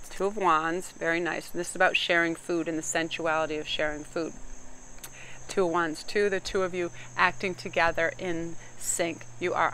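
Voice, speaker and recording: A woman's voice: fairly low pitch, a bit bright, slight background noise, poor audio. A woman giving a chatty tarot reading to camera, joking and laughing often as she talks. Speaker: tarot card reader. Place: outdoors. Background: faint crickets and insects.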